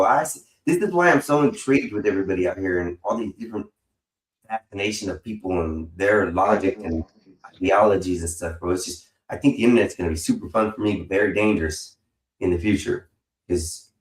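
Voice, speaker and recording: Low-ish guy rambling on his stream, lots of slang and cussing, bro this bro that, echoey room. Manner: rambling, slangy and profane, says bro a lot. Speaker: streamer host. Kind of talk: casual chat.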